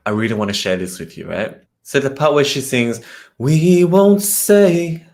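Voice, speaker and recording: A man working as a vocal coach, analyzing a singer's technique in a reaction commentary and getting excited as he demonstrates phrases. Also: fairly low pitch, brisk, creaky.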